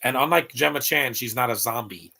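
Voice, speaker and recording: A man's voice: medium pitch, a little fast, gravelly, pushed and bright. A man in his late thirties giving opinionated, rambling live commentary over a movie, talking back at the screen. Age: late 30s.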